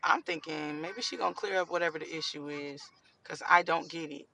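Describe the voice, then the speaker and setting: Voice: mid-range voice, brisk, vocal fry, slight background noise, low-quality recording. A young adult telling a casual storytime, acting out each person's lines with lots of energy. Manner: animated, acts out dialogue, rises to near shouts. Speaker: storytime vlogger.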